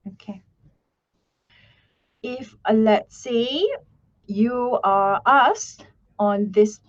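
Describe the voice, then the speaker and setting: A woman teaching an online speaking class, repeating "okay" and modelling sample answers slowly. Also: medium pitch. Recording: dull lo-fi stream audio.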